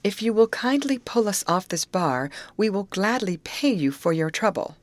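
A woman reading a brave young woman who keeps her friends calm, speaking steadily and carefully. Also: mid-range voice, normal speed, no echo, voice pushed up, close to an everyday voice. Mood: polite. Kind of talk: audiobook character voice.

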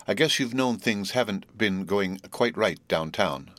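A man's voice: on the low side, lively intonation, a little slow, fairly bright tone, dry recording. A man playing a jovial, slightly tipsy middle-aged businessman who talks in a hearty, coaxing, stubborn way.

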